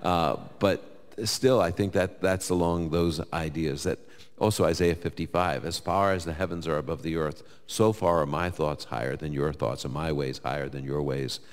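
A man from New York with a New York accent, answering audience Bible questions live in a conversational, lively way and quoting scripture. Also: very deep voice, moderate pace, smooth, in a large hall. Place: large hall with live audience.

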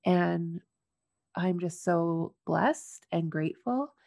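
Slow, gravelly-voiced woman host. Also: fairly low pitch, darkish tone, no echo, clean studio sound. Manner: effusive and grateful. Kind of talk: heartfelt conversation.

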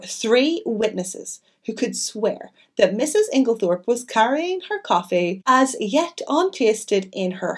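Expressive woman reading aloud. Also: mid-range voice. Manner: expressive, chatty. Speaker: audiobook narrator. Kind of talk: reading a classic novel aloud with chatty asides.

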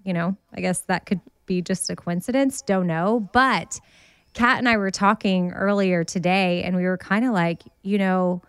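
A woman's voice: fairly low pitch, moderate pace, clear, resonant tone, dry recording. Southern lady podcast host, chatty, laughs a lot, dry remote call mic. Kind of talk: casual podcast chat over video call. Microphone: remote video call.

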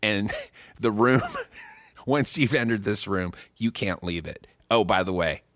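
A man co-hosting a comedy podcast, telling crude, profane stories with animated delivery. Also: fairly low pitch, unhurried, dry recording, clean studio sound. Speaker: podcast co-host. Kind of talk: casual comedic chat.

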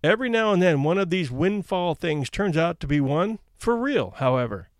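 A man's voice: on the high side, big pitch swings, normal speed, no echo. Dry, wry male storyteller. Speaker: podcast host. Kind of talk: storytelling narration.

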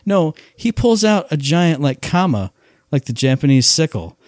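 In clean studio audio without room sound, this casual-podcast co-host speaks at a moderate pace in a fairly high voice. He tells his stories with enthusiasm, wandering off on tangents in an animated way.

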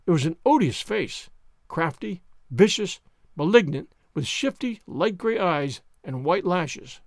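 A man narrating a classic story as an audiobook, in a measured, expressive way. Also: high voice, no room sound, clean studio sound.

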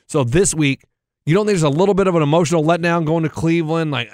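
A man co-hosting a podcast, trading casual sports talk and reading listener notes aloud. His voice sits fairly high and is recorded close and dry, with no room sound. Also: fast talker, no room sound. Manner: reads listener messages aloud. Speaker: podcast co-host.

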